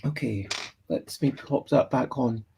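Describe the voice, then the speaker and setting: A man's voice: mid-range voice, a little slow, gravelly, warm tone, slight background noise. A Scottish man drawing on a livestream, chatting casually and thinking aloud as he reads and answers comments from the chat. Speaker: livestreaming artist.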